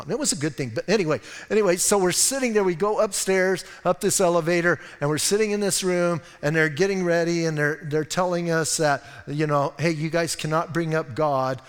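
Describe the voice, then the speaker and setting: A man preaching a sermon as pastor in an emphatic, conversational way, often urging the listeners to listen and acting out little scenes. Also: a little high. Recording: long hall reverb.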